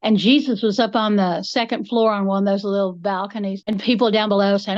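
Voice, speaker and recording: A woman's voice: mid-range voice, fairly even intonation, brisk, hardly any pauses, no echo, muffled recording. A woman, co-hosting a podcast and telling folksy family stories in a drawl. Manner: folksy storyteller, drawling, acts out voices in anecdotes. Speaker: podcast co-host. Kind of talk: casual chat.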